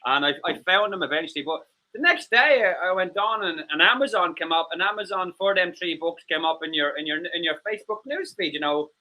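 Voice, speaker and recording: Excitable high-voiced Irish man. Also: fairly quick, few pauses. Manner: swearing, laughing, excitable. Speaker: co-host. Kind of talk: casual livestream chat.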